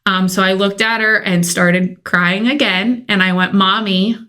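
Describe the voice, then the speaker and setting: A woman's voice: mid-range voice, unhurried. A woman in her thirties, a podcast co-host, telling her own adoption story in casual chat and acting out family members' reactions. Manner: emotional, animated storytelling with acted-out quotes.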